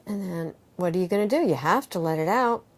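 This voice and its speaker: A middle-aged woman, a yoga teacher and author, talks in an interview in a lively, expressive way, acting out quoted voices and guiding breathing exercises. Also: lowish voice, a little fast. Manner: animated, acts out quoted voices, guides breathing.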